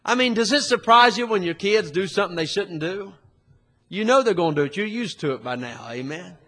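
Male preacher, sharp high tenor, fiery folksy sermon. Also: lively intonation, fairly quick. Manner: folksy storytelling that rises to fiery shouting.

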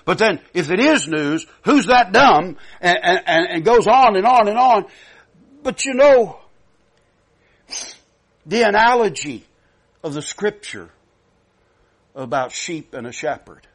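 A man preaching a sermon, emphatic, rising loud and dropping soft, repeating himself often. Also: high voice, expressive, slow pace, pauses often, slightly rough.

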